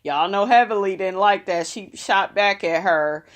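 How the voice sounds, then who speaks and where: A woman's voice: mid-range voice, measured pace. A young woman, casually recapping a reality show in a sassy, profane, chatty way.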